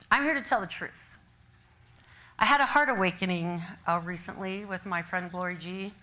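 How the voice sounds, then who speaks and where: An older woman giving a sermon as minister, telling stories in an animated way and laughing often. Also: mid-range voice, low-quality recording. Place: church service.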